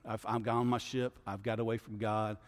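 A man voicing a depressed male prophet who wants to hide and sleep, muttering low and resigned, in a reverberant room. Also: level tone, brisk, natural voice. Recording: long hall reverb.

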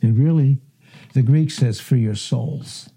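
A man's voice: medium pitch, slow, dark tone, slightly rough. A middle-aged man preaching a sermon as pastor, earnest and emphatic, lifting his voice when he quotes scripture.

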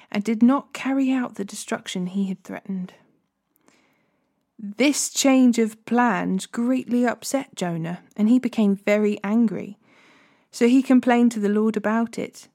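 A woman hosting a daily Bible challenge, reading scripture aloud in a steady, measured way. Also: medium pitch.

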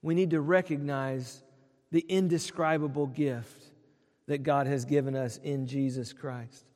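A man preaching a sermon, earnest, dropping quiet for tender quotes and swelling on lists. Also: medium pitch, fairly even intonation, a little slow. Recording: long hall reverb.

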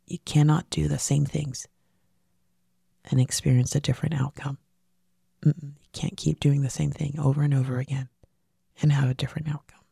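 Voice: mid-range voice, level tone, normal speed, creaky, pauses often, warm tone, slightly rough, dry recording, clean studio sound. A podcast host giving a motivational monologue, emphatic and repeating key phrases, sometimes dropping into a whisper for emphasis.

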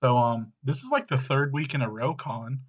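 A man co-hosting a podcast, calmly reading through lists with the odd filler. His voice is slightly husky. The recording sounds dull and lo-fi. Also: medium pitch, fairly quick. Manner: steady, list-like delivery with fillers. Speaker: podcast co-host. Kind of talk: casual chat.

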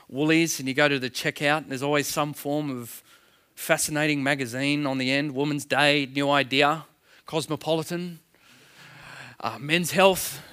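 A man's voice: on the high side, pushed and bright, smooth. A man preaching a sermon in a conversational way, full of rhetorical questions. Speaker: pastor.

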